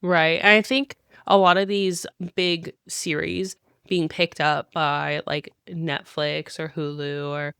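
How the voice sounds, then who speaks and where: A woman co-hosting a book podcast, chatting in an animated way and laughing often. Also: sits low, takes it slowly, gravelly, hardly any pauses, clean tone, no echo, clean studio sound. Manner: animated, laughs often, quotes people in voices. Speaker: podcast co-host. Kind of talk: casual chat.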